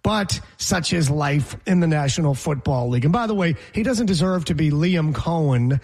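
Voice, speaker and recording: A man's voice: a little high, expressive, moderate pace, darkish tone. A man hosting a casual sports talk show, joking around and mimicking people's voices.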